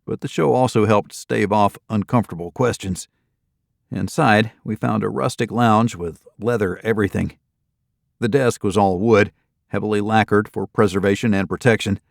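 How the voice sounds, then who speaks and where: Gravelly low-voiced male audiobook narrator. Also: steady tone, moderate pace, no room sound, studio quality. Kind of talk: first-person thriller narration.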